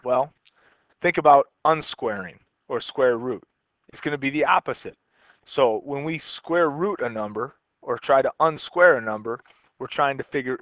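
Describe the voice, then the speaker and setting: A man's voice: mid-range voice, fairly bright tone, no echo, dull audio. A man teaching a recorded math lesson in a casual way, explaining step by step while he writes. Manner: casual, talks while writing, repeats and restarts.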